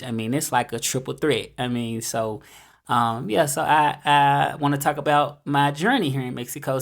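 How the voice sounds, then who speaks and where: A man's voice: medium pitch, steady tone, moderate pace, gravelly. Laid-back Southern-accented man. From Memphis, Tennessee, US. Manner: laid-back and rambling, with many fillers. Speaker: vlogger. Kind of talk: casual monologue to camera.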